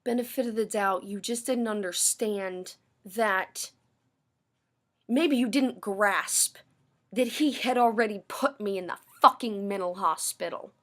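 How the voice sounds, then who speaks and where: A woman's voice: mid-range voice, unhurried, a bit bright. A woman ranting to camera in a personal vlog, bitter and sarcastic, swearing often. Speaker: vlogger. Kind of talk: angry personal rant.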